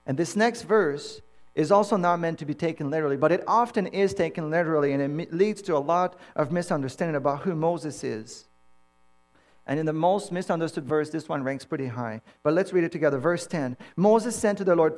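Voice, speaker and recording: Male preacher, slightly high voice, lively storyteller who acts out the lines. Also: brisk. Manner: animated storyteller acting out dialogue. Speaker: pastor. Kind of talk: sermon with personal storytelling.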